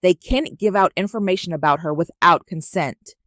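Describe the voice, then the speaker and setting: A woman reading as a poised rich mother in an audio drama, honeyed and condescending, lowish voice, dry close sound. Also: moderate pace, no echo, close to an everyday voice. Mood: soft concern. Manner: soft, honeyed and quietly condescending. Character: poised wealthy older Korean mother, coolly controlling.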